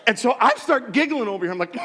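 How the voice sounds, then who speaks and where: Animated man preaching in a reverberant church. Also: very high-pitched. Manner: animated storytelling, self-deprecating humor, acts out voices. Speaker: pastor. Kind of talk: sermon with personal stories. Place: church sanctuary.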